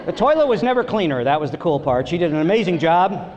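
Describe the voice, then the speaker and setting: High-voiced man doing stand-up in a theater. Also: very animated, fast talker, a little mellow, highs cut off, some chatter behind. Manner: storytelling, acts out voices with big pitch jumps. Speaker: stand-up comedian. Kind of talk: stand-up comedy set. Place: theater stage before a live audience. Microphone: stage microphone. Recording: live theater recording with long reverb.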